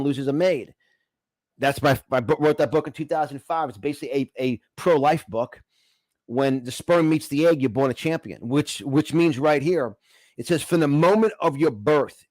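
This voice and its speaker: A man delivering a motivational message with an emphatic, preachy push, doubling up words as he gets going. His voice sits a little high for a man. The recording is close and dry, with no room sound. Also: a little mellow, no echo. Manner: emphatic, repeats words when starting a point. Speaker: motivational speaker. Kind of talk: motivational monologue.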